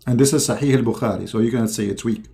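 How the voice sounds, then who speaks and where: A man giving sardonic commentary, halting and stumbling with frequent fillers between sketches. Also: mid-range voice, creaky, warm tone. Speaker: religious commentator.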